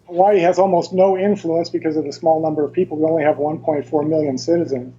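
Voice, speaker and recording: A man as an interview guest, explaining things carefully and in detail, with halting restarts, over dull lo-fi remote audio. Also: fairly high pitch, steady tone, dark tone, slight background noise.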